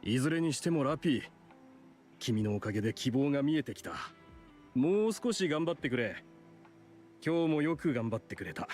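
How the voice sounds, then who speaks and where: A man plays a middle-aged game doctor who stays calm and polite while clearly serving himself. His pitch sits in an ordinary middle range but rises and falls a lot, and he talks briskly. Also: faint music behind, natural voice. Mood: explaining. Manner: calm, polite, matter-of-fact. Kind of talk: game voice acting.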